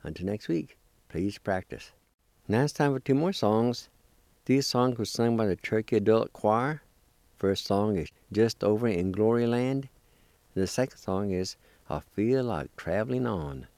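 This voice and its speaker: A man's voice: fairly low pitch, animated, unhurried, darkish tone, no echo. A man teaching a recorded pronunciation lesson, spelling and sounding out words syllable by syllable, with a few encouraging words. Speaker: language teacher.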